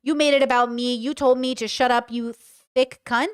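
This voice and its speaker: A woman's voice: fairly high pitch, steady tone, moderate pace, clean tone, no echo, studio quality. A woman doing casual reaction commentary, reading text messages aloud and reacting bluntly. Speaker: commentary streamer.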